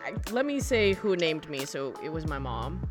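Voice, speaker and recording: A woman's voice: sits low, very animated, moderate pace, over music. A young woman co-hosting a casual podcast, telling stories in a chatty way with frequent laughs. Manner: chatty storyteller, laughs often. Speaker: podcast co-host. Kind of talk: casual chat.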